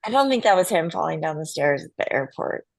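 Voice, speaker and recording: Female podcast co-host, gravelly fry, quick laughing interjections, dry close sound. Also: sits low, lively intonation, dry recording. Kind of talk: casual podcast banter.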